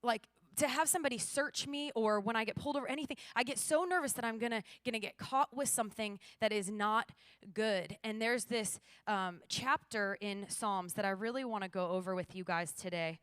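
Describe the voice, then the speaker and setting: A young woman giving a morning church devotional, telling a story with lively acted-out dialogue. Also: fairly high pitch, clear, resonant tone, dry recording. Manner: animated storyteller, acts out dialogue.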